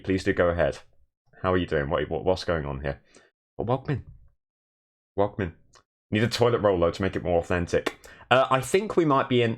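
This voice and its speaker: A young man streaming from his bedroom in a shared flat, chatting casually and self-deprecatingly and thanking viewers. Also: low-pitched. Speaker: Twitch streamer. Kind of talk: casual live stream chat.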